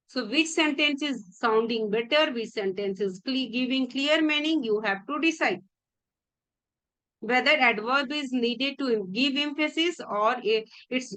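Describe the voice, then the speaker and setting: A woman's voice: high-pitched, fairly bright tone, rough recording. A woman with an Indian English accent giving an exam-prep grammar lesson. She explains carefully, often restarting words and repeating key phrases.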